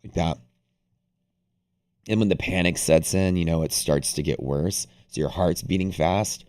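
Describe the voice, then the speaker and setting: Casual streamer host, young man, very deep voice, loose rambling storyteller. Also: a little slow. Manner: rambling, animated, heavy use of "like". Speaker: day-trading livestream host. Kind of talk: casual storytelling to a live audience.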